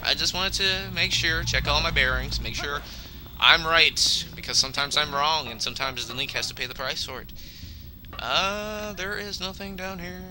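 This let's play commentator has a fairly high voice and a moderate pace, captured with poor audio over game music. He rambles excitably while playing a video game and scolds the game out loud whenever things go wrong.

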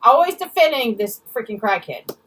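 A woman's voice: a little high, expressive, normal speed, a bit bright, far from the mic, a little hiss or hum, poor audio. A woman ranting angrily and bluntly in a storytime vlog, swearing freely and mimicking other people's words. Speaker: vlogger.

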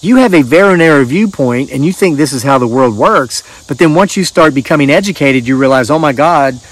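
A man's voice: fairly high pitch, animated, brisk. A middle-aged man hosting his channel, chatting casually in a rambling, folksy way and reading out viewer stories. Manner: rambling, folksy, restarts often. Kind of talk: casual chat and reading aloud.

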